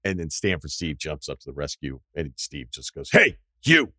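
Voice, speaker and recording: A man in his forties, a podcast host telling a story in casual chat, animated and jumping into loud impressions of people. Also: a bass voice, normal speed, no echo, studio quality. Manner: animated, swings into loud mimicking voices.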